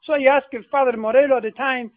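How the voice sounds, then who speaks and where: A priest from Argentina tells his story in English, stumbling and repeating words as he goes. His voice sits unusually high for a man. It comes through a narrow, phone-like channel with no room sound. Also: fairly even intonation, dry recording. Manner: halting, repeats words, non-native grammar. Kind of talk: personal storytelling. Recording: tinny phone-like line.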